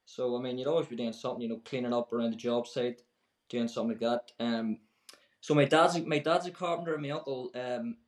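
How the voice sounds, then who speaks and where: Northern Irish male guest, easygoing storyteller, mid pitch, recorded in an echoey room. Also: fairly quick. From Northern Ireland. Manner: relaxed storytelling with fillers. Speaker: podcast guest, carpenter. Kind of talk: casual chat.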